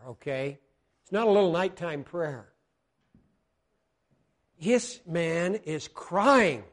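An American man from Colorado preaching a sermon, swinging between loud exclamations and hushed, earnest asides. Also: on the high side, animated, a little slow. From Colorado, United States.

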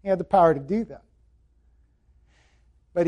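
A man preaching a sermon, earnest and emphatic, repeating key phrases and dropping to a hushed voice when quoting scripture. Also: high voice, normal speed. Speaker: pastor.

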